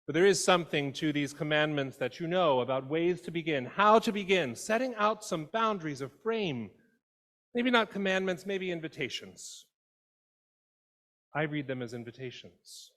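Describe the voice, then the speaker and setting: Expressive male pastor in a reverberant church. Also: a little high, normal speed. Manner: conversational, expressive preaching with voiced quotes. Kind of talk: sermon. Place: church sanctuary.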